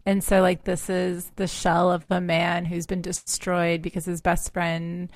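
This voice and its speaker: A woman's voice: on the low side, monotone, unhurried, no echo. A woman co-hosting a podcast, casually and thoughtfully picking apart a film, her sentences trailing off. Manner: thoughtful, analytical, trails off quietly. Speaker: podcast co-host.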